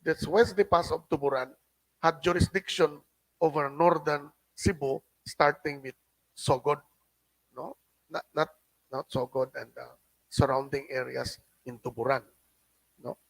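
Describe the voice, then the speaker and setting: A middle-aged man with a Cebuano accent, giving a halting lecture as a guest speaker and often adding a questioning "no?". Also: on the high side, steady tone, gravelly, dry recording, low-quality recording. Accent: Filipino, Cebuano. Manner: halting, with frequent restarts and tag "no?". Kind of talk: lecture reading a translated document. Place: hotel function room.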